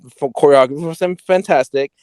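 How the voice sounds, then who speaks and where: A podcast co-host with a fairly high, warm, resonant voice talks a little fast in a clear, dry recording. He chats casually about a movie, rambling, correcting himself and swearing now and then.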